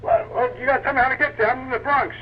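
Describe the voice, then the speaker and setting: Phone caller, man, hesitant and stammering, high pitched, muffled line. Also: fairly even intonation, slight background noise. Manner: halting, stammering questions. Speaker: person on phone call.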